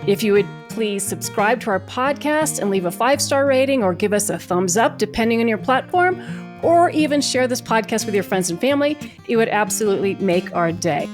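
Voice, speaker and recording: A woman's voice: on the high side, expressive, fairly quick, music in the background. A woman hosting a podcast interview, giving chatty, friendly introductions. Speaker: podcast host.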